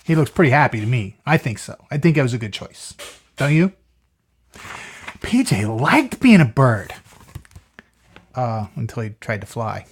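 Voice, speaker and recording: Brief: lively picture-book reader, very expressive pitch, chats and asks the child questions. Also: normal speed, long pauses, slightly rough. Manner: chatty asides and questions to the listener. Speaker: storyteller reading to a child. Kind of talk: reading a picture book aloud.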